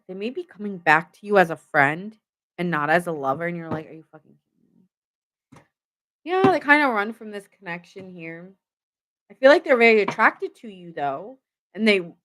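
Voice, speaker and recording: A woman's voice: fairly low pitch, a bit bright. A young woman giving a casual live tarot reading. She rambles, laughs often and chats with her viewers. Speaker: tarot reader.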